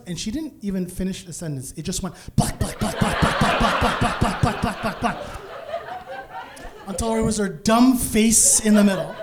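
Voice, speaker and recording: A man doing stand-up storytelling on a comedy stage, animated and laughing through his lines. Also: high voice, moderate pace.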